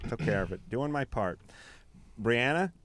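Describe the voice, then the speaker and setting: A man's voice: medium pitch, expressive, unhurried, a bit bright, a little hiss or hum. Rambling, joking radio co-host man. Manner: rambling, joking, with many fillers and restarts. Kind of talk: casual late-night radio banter.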